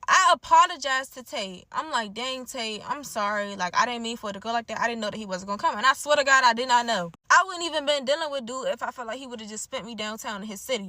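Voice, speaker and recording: A woman's voice: a little high, no room sound. A young woman in her twenties from the DMV area, with its accent, bluntly telling a casual storytime full of slang and "like". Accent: DMV African American English. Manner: blunt, animated, slangy, frequent "like".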